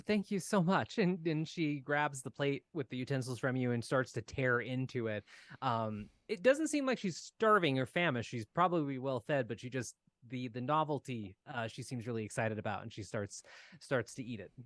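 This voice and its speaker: A man's voice: medium pitch, lively intonation, normal speed, a bit bright, dry recording. A man narrating a tabletop game as game master in a loose, rambling way.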